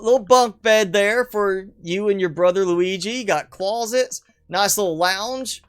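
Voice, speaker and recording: A man's voice: high voice, unhurried, few pauses, clear, resonant tone. Male streamer, casual rambling commentary, self-deprecating, clean resonant tone. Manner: chatty, rambling, self-deprecating, chuckles often. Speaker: streamer showcasing player builds. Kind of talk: casual live game commentary.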